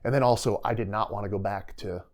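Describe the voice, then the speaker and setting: A middle-aged man with a somewhat low voice tells his own story as a guest on a podcast. He talks casually and with animation, acting out the voices of people he quotes. He laughs readily as he goes. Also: fast talker. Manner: animated storyteller who acts out quoted dialogue and laughs often. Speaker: podcast guest, retired soldier.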